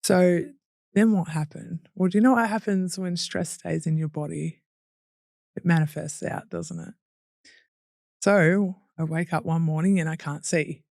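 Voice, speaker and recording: Speaking at a measured pace, this podcast guest, a young Australian woman, has a lowish, darkish voice with vocal fry. Her candid personal story is hard, told bluntly with swearing, laughter at painful moments and re-enactments of what people said, all in a dry, clean studio recording.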